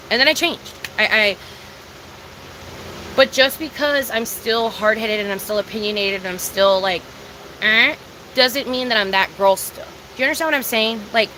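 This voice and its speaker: A woman's voice: medium pitch, normal speed, bright, forceful tone, a little hiss or hum, rough recording. A young woman talking to her live-stream viewers in a casual, confessional way, emphatic and full of swearing and repetition. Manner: confessional and emphatic, heavy swearing, repeats herself. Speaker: livestreamer.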